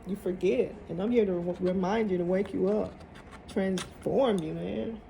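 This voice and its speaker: A woman's voice: medium pitch, steady tone, moderate pace, creaky, warm tone, slight background noise. A woman giving a casual tarot reading to viewers, emphatic and motivational, often repeating her phrases. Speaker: tarot reader.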